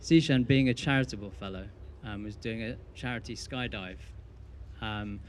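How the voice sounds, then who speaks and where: A man's voice: lowish voice, normal speed, slight background noise. A young man giving a best man's wedding speech, telling a teasing story with dry punchlines.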